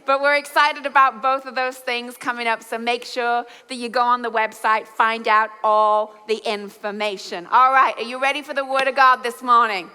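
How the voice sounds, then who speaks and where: A high, bright-voiced woman with an English accent delivers a sermon, teasing the congregation in playful asides. Her tone is smooth and clear. The sound carries a long reverb from a large church hall. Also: steady tone, normal speed. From England. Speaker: guest preacher on the leadership team.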